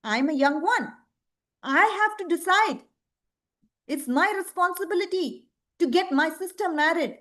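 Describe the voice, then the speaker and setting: Brief: brash young man scolding his father, high and insistent, as a woman storyteller puts him on. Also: big pitch swings, a little slow, mellow. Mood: indignant.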